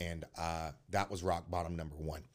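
A young man, a podcast guest, telling his life story in a candid, earnest way with halting restarts, speaking softly when it gets emotional. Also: low voice, level tone. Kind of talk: personal life story in conversation.

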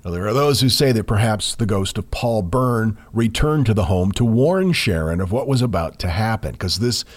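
A man co-hosting a podcast, telling a ghost story in a measured way with dramatic pauses. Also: lowish voice, animated. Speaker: podcast co-host.

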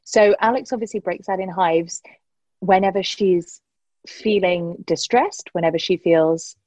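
A woman co-hosts a casual recap chat, breaking down behavior articulately. Her voice is slightly husky and sits dry and close to the mic. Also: fairly low pitch, unhurried, a little mellow, no room sound, rough recording. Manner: analytical, articulate commentary. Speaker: podcast co-host.

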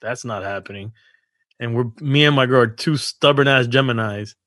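A man in casual chat, joking and expressive. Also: medium pitch, normal speed, no echo, clean studio sound. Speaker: father, co-host.

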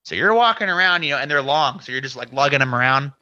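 A man's voice: mid-range voice, lively intonation, fast talker, bright, forceful tone, no room sound, muffled recording. A man guesting on a podcast, telling a story casually with lots of "you know" and acted-out inner quotes. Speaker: podcast guest, scare actor.

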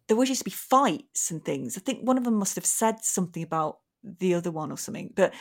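An English woman in her forties, a comedian telling funny stories in casual chat and laughing often. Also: on the low side. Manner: chatty storyteller, laughs often. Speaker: comedian guest.

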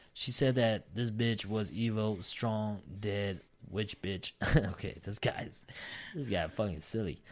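A man hosting a casual podcast, reading a listener's story aloud and breaking off for profane, joking asides. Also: fairly low pitch. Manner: profane, laughing asides between read lines.

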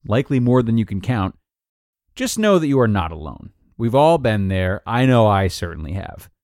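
A man's voice: medium pitch, darkish tone, dry recording, clean studio sound. A man hosting a podcast, reading a parenting article aloud and acting out the quoted lines. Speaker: podcast host and narrator.

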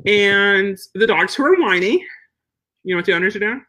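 Chatty bright-voiced woman dog trainer. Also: medium pitch, expressive, normal speed. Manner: chatty, plain-spoken, acts out quotes. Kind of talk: casual live Q&A teaching.

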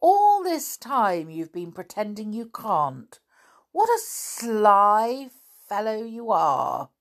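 A woman's voice: fairly low pitch, a little slow. Woman reading as an indignant young schoolboy. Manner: indignant, accusing. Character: bold indignant schoolboy prisoner.

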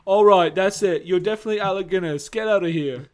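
A man's voice: sits high, fast talker, a little hiss or hum, close to an everyday voice. A man putting on a loopy older rock star from Liverpool, with a slipping Liverpool accent, rambling and boasting. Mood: goofy. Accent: put-on Liverpool accent, slipping.

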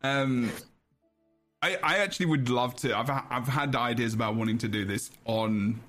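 A man's voice: mid-range voice, normal speed, a bit bright, faint music behind. A man with a British accent hosting a podcast, chatting casually with frequent restarts and laughter. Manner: laughing, rambling and self-correcting. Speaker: podcast host. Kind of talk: casual chat.

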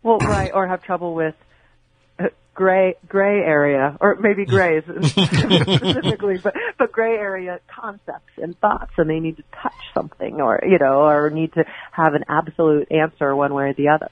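A woman's voice: on the low side, steady tone, normal speed, dry recording. A woman guest on a podcast, telling stories casually and animatedly, with many restarts. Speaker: guest, former pro wrestler. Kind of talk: casual podcast interview storytelling. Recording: tinny phone-like remote line.

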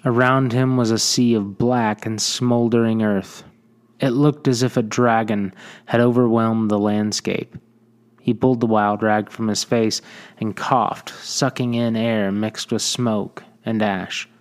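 A man reading a western short story aloud in measured audiobook narration. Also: fairly low pitch, flat delivery.

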